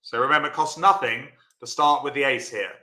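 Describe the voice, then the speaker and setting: A man's voice: mid-range voice, steady tone, a little fast, sharp tone, reverberant. A man teaching a live-streamed bridge lesson, chatty and encouraging, answering viewers by name.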